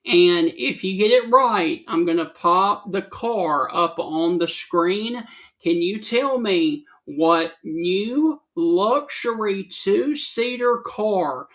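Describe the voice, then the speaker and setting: A man co-hosting a casual talk show, reading trivia and giving terse, matter-of-fact answers. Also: high-pitched. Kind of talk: casual chat.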